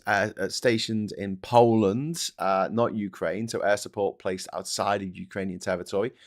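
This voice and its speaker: A British man hosting a livestream, ranting angrily about politics and swearing a lot, swinging between loud outbursts and low mumbles. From Britain. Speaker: livestream host.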